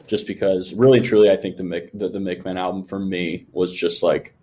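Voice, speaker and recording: A man's voice: sits low, flat delivery, a little fast, darkish tone, slight background noise. A young man co-hosting a music podcast in casual chat, rambling and acting out his own reactions. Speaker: podcast co-host.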